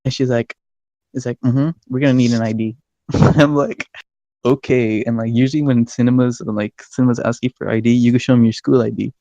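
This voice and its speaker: Young male podcast co-host, animated rambling storyteller with a warm, dark voice, recorded close and dry. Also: medium pitch, a little fast, gravelly, dry recording, muffled recording. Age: young adult. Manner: excitable, swears a lot, laughs mid-story. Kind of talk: casual storytelling chat.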